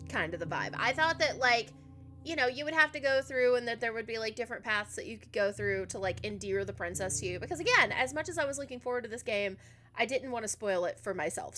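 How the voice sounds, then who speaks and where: A woman's voice: medium pitch, a bit bright. A young woman giving chatty, emotional commentary as she plays a video game, full of likes and ums. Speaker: let's play streamer. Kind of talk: casual gameplay commentary.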